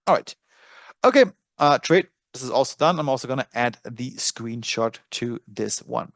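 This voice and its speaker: A man's voice: medium pitch, moderate pace, gravelly, dry recording, studio quality. A man with a German accent hosting a live trading webinar, talking casually and thinking aloud with frequent fillers. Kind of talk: live screen-share webinar.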